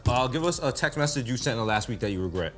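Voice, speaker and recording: A man co-hosts a comedy talk show, firing quick, jokey questions at his guest. His voice rises and falls a great deal. Faint music plays underneath. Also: medium pitch. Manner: fast, lively questioning with jokey asides. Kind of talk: casual comedic chat.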